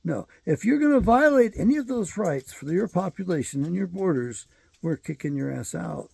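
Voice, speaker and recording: A man's voice: sits high, expressive, normal speed, gravelly, mellow, breathy edge, no room sound. A man hosting his own show, delivering a rambling, profane and emphatic solo commentary monologue. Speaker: show host.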